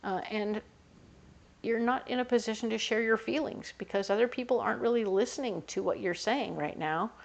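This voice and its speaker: A woman's voice: a little high, normal speed, vocal fry. A woman giving a casual tarot reading in a chatty, conversational way, sometimes slipping into little voices for the people she talks about. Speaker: tarot reader.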